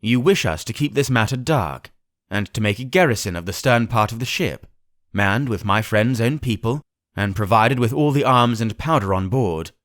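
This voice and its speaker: A man voicing a calm, shrewd gentleman doctor who speaks in measured, reasoning tones. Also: on the low side.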